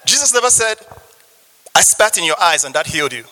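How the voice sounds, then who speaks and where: In a sermon soaked in long hall reverb, a preacher earnestly shares his testimony, reads scripture, and asks the crowd for amens. His voice sits high with big pitch swings, fairly quick, pushed, and bright.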